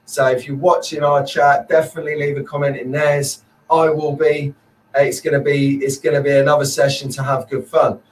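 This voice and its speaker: Male stream host, chatty and cheerful, pitched a bit high, recorded from a distance. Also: flat delivery, normal speed. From Merseyside, England. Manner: chatty, upbeat, rambling, greets viewers by name. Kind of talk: casual live stream chat.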